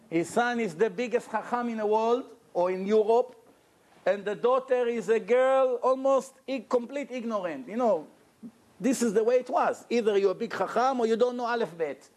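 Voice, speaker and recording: A man giving a storytelling sermon as a rabbi, animated and asking his audience questions, at a lecture. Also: high-pitched, moderate pace. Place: lecture room with audience, indoors.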